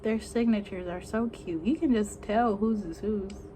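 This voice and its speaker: A woman's voice: mid-range voice, unhurried, dark tone, slight background noise. A young woman unboxing an album on camera, squealing, gasping and gushing with fangirl outbursts. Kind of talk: excited unboxing commentary.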